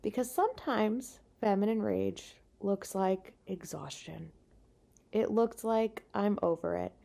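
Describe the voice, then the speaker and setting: An exhausted stand-up comedian hosts a casual solo podcast from her bed, venting frankly with lots of swearing and self-deprecation, using a makeshift mic instead of a proper podcast one. Her medium-pitched voice is warm and animated, slow-paced, with vocal fry.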